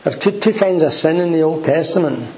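A man's voice: a little high, fast talker, poor audio. A man preaching a sermon in a church, earnest and emphatic. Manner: earnest, emphatic, quoting scripture.

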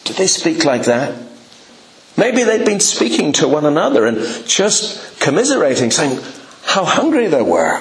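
A man's voice: on the high side, huge pitch swings, measured pace. A man preaching a sermon, telling a Bible story with rhetorical questions and acted-out quotes. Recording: echoey room.

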